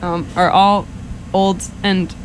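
A young woman co-hosting a college radio show in casual chat, congested and stuffy, talking in a soft-spoken, dry, low-key way. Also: level tone, takes it slowly, a little hiss or hum, rough recording. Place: radio studio. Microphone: studio microphone with headphones.

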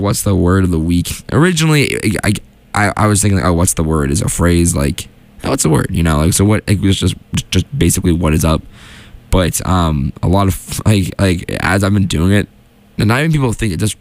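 A young man hosting a solo show from a small studio, chatting casually and rambling with lots of fillers and restarts. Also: sits low. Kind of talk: casual solo radio chat.

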